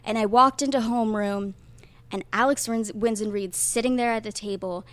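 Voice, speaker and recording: A young woman from Ohio, a guest on a podcast, telling stories in a casual, animated way with frequent laughs. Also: on the high side, normal speed. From Ohio, USA. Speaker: guest actor.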